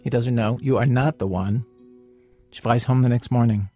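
A man's voice: medium pitch, fairly even intonation, moderate pace, warm tone, dry recording, faint music behind. Dry-sounding male radio host. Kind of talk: scripted radio narration and interviewing.

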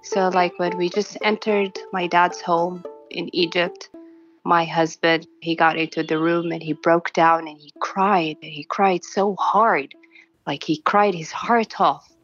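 A woman telling her own story in an interview, soft and halting, often restarting her sentences. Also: fairly low pitch, little pitch movement, muffled recording, faint music behind. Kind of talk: personal account in a documentary interview.

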